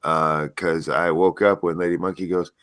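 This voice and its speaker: A man's voice: sits low, level tone, normal speed, a bit bright, no room sound, studio quality. A man hosting a live stream in casual chat, stuffy and unwell, joking and swearing as he goes. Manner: joking, profane, easily sidetracked. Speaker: stream host.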